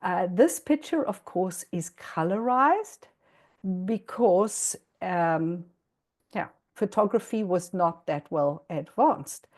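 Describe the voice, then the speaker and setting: A woman's voice: on the low side, expressive, takes it slowly, darkish tone. A middle-aged woman with a South African accent gives an informal, hesitant presentation to an audience listening through a translator, with many ums and restarts, apparently over a video call. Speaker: guest speaker.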